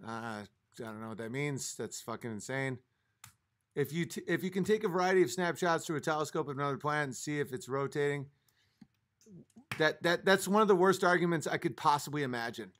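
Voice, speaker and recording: A man's voice: on the high side, lively intonation, brisk, fairly bright tone. A man hosting a livestream, arguing with his chat in a profane, exasperated rant, a little tipsy from a few drinks. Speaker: livestream host reading chat.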